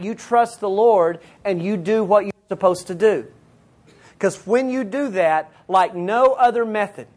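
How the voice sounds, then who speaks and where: Earnest preacher, midrange voice, talks straight to the ladies, reads bible verses out loud. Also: mid-range voice. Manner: earnest, addresses listeners directly and reads scripture aloud. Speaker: Bible teacher. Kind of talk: sermon.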